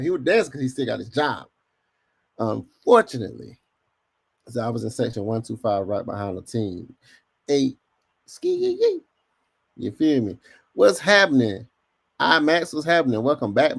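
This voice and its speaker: On his casual podcast livestream, this host talks to his chat directly in lively slang. His mid-range voice is gravelly with a breathy edge, moving at a moderate pace with frequent pauses.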